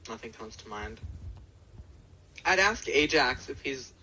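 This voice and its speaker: A man's voice: mid-range voice, animated, a little slow, pushed and bright, slight background noise, poor audio. A man playing a tabletop game in casual, swearing table talk. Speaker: player.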